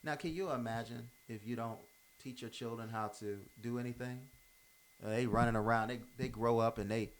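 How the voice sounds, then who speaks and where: A man's voice: mid-range voice, fairly even intonation, brisk. A man giving an unscripted motivational monologue, emphatic and informal, often repeating himself and restarting phrases. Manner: informal, drops verbs. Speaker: commentator giving life advice.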